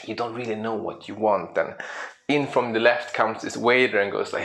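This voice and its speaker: A man's voice: fairly low pitch, fairly quick. A man, a speaker and coach, giving a storytelling presentation, asking the audience questions and acting out little scenes. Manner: lively, acts out little scenes in quoted voices.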